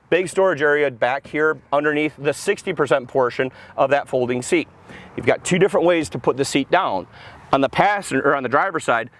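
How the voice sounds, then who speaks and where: A man giving a casual, rapid, enthusiastic walkaround of a pickup truck as a car salesman, outdoors beside the vehicle. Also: mid-range voice.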